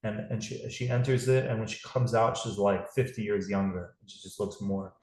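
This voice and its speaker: A man's voice: fairly low pitch, moderate pace, darkish tone, roomy sound, low-quality recording. A man hosting a live call series, talking in a rambling, casual way with many restarts. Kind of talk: casual livestream talk.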